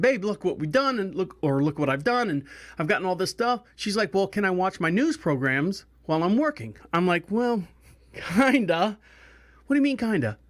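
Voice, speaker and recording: A man hosting a podcast, telling a rambling story casually and acting out the people he quotes. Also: high-pitched. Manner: rambling, animated, acts out quoted voices. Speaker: podcast host.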